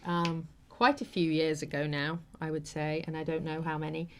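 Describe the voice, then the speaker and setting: A woman's voice: deep voice, fairly even intonation, moderate pace, a bit bright, slight background noise. A woman hosting a talk show, telling a personal story in an earnest, heartfelt, rambling way with many fillers. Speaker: host.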